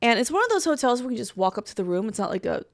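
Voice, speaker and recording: A young woman in her twenties, co-hosting a casual chat and telling a profane, animated story with acted-out quotes. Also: on the high side, rapid-fire, no echo, clean studio sound. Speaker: co-host.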